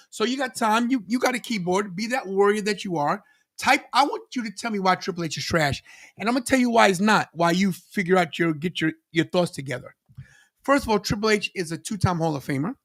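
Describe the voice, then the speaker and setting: A man co-hosting a live wrestling watch-along podcast, animated and laughing often, talking straight to the chat. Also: sits high. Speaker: podcast co-host.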